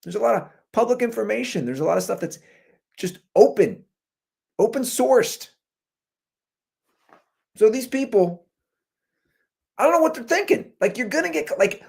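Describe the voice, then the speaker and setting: A man hosting a podcast, giving animated, jokey commentary on viral videos through a computer's built-in microphone. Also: high voice, gravelly, breathy edge. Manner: animated, jokey, talks over clips. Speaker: podcast host. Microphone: computer's built-in mic.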